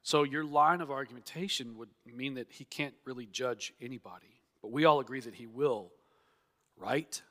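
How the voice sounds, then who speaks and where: Earnest preacher in a reverberant hall. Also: male voice, mid-range voice, moderate pace, a bit bright. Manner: earnest, emphatic, acts out quoted objections. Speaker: pastor. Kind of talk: expository sermon. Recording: long reverb of a church hall.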